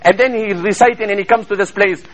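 A man's voice: high-pitched, fast, poor audio. A man preaching a sermon in a mosque, fervently chanting Arabic verses between English passages, heard over a radio broadcast.

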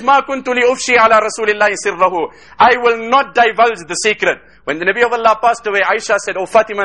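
Fast, high-voiced male preacher. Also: sharp tone. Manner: emotive storytelling, quoting Arabic. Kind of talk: sermon.

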